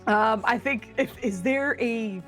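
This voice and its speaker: A woman's voice: on the high side, slow pace, a bit bright, faint music behind. A woman playing a tabletop game in casual chat, giggly and laughing often. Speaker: player.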